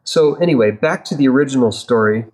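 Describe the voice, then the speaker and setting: A man's voice: mid-range voice, fairly quick, rough recording. Earnest man telling a faith story. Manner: earnest, animated retelling of conversations with God; loose and conversational with fillers and restarts. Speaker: podcast guest. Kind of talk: storytelling in a podcast interview.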